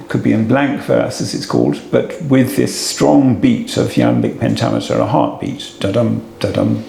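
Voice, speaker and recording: An older man, a retired cathedral dean, giving a halting, reflective talk to an audience, with many fillers and restarts. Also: medium pitch, vocal fry, darkish tone. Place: assembly room before an audience. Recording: echoey hall, faint room noise.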